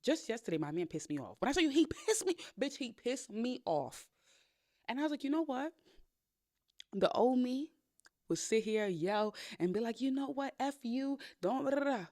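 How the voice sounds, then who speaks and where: A woman hosting a podcast, giving candid dating advice in a blunt, sassy, profane big-sister way with animated storytelling. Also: on the high side, normal speed, dry recording, studio quality. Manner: animated storytelling with playful quoted voices. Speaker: podcast host.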